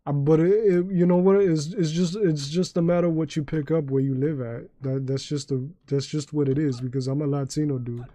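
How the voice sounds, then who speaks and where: A New York man rambles through stories on his game stream, swearing freely and tripping over his own restarts. His voice sits a little high for a man but sounds warm and mellow. The sound is close and dry. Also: fairly even intonation, fairly quick, hardly any pauses, no room sound. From New York City. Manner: rambling, profane storytelling with many restarts. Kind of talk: casual livestream chat.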